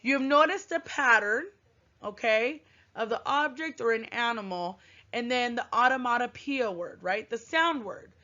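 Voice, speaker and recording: A woman teaching a writing lesson to young children, thinking aloud with long hums in a gentle, encouraging way. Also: a little high, normal speed. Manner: gentle, encouraging, sing-song classroom delivery. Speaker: first grade teacher. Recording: dull lo-fi recording.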